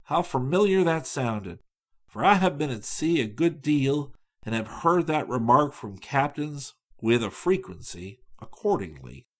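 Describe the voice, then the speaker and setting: A man reading a travel story aloud in measured audiobook narration. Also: medium pitch, very animated.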